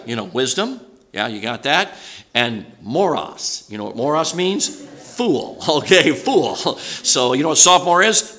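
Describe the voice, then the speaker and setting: An older man delivers a sermon in a bright, forceful voice. He talks in a folksy, rambling way, with restarts and asides, and keeps asking his listeners questions. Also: mid-range voice. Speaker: preacher.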